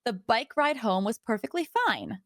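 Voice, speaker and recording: A woman hosting a podcast, reading listener stories aloud and chatting casually in an animated storytelling manner. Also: fairly high pitch, normal speed. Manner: animated storyteller who acts out voices in quotes. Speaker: podcast host.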